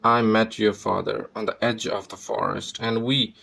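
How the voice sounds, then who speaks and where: Man playing a kind old granny, gushing, low-pitched, gravelly. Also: little pitch movement, normal speed, sharp tone, exaggerated voice, low-quality recording. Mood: relieved. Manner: gushing, relieved. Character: kind older grandmother.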